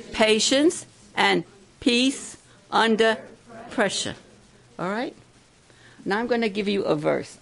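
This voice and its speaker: Gravelly older woman preaching to campers. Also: mid-range voice. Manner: coaxing, asks the crowd questions. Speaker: camp speaker. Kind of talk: sermon.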